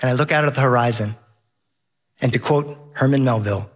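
A man's voice: medium pitch, fairly quick, long pauses, husky. A middle-aged man telling a personal story on stage, wry and vivid, with comic timing.

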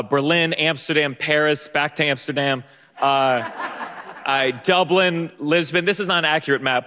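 A man's voice: fairly high pitch, fairly bright tone, long reverb tail. A young man telling a funny personal story on stage, stammering through restarts and laughing at himself. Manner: stammering restarts, self-mocking, often laughing. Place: theater stage.

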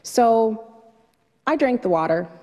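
A woman vividly telling a true personal story to an audience, dramatic and lively. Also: on the high side, takes it slowly, long reverb tail. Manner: vivid, dramatic retelling with a light laugh.

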